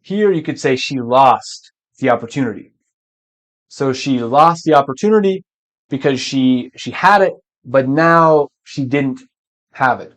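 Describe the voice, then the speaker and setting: A man teaching English verbs patiently, often switching to Spanish to explain and clearing his throat now and then. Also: medium pitch, expressive, unhurried, fairly bright tone. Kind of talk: language lesson.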